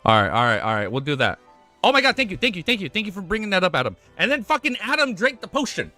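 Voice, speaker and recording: A young man streaming live, chatting casually with his audience, excitable and swearing often, tripping over his words and laughing. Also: high voice, quick pace, faint music behind. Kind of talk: casual livestream chat.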